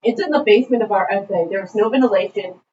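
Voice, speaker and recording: A young woman co-hosting a podcast, telling a college story in an animated way, laughing as she goes. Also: medium pitch, quick pace. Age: young adult. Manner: animated, laughing, imitates a thick accent in quotes. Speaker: podcast co-host. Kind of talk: casual storytelling chat. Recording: roomy, distant, dull sound with faint noise.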